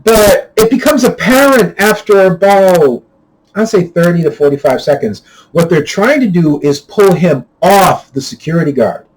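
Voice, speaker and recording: A man telling a personal story in a rambling, casual way, stumbling and repeating words, getting louder and more heated at the tense parts. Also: poor audio. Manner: grows louder and higher when retelling heated moments. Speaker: channel host.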